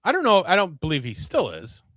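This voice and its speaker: A man's voice: sits high, huge pitch swings, fairly quick, a bit bright, dry recording, studio quality. A man hosting a casual podcast stream, rambling with fillers and frequent swearing. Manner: rambling, profane, many fillers. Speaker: podcast host. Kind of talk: casual live-stream chat.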